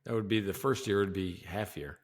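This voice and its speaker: Laughing, animated male podcast host. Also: low-pitched, fairly quick. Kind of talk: casual podcast chat.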